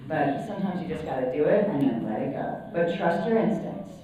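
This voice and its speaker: Mellow lively woman, echoey. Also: low-pitched, brisk, a little hiss or hum. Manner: candid, easygoing, lively intonation. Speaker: panelist voice actor. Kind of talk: convention panel talk. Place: large convention hall. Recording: distant, muffled, echoey hall recording.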